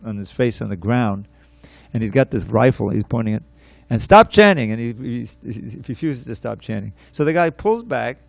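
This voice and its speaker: A man giving a scripture class, telling a story in an animated way, repeating words and restarting his sentences. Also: mid-range voice, moderate pace, gravelly, dry recording.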